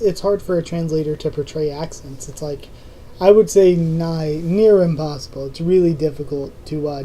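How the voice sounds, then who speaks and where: A young adult YouTube channel host answers viewer comments in a loose, rambling way, restarting sentences and filling pauses with um. The voice is very dark and mellow at a mid pitch, over a faint hiss of room noise on a low-quality recording.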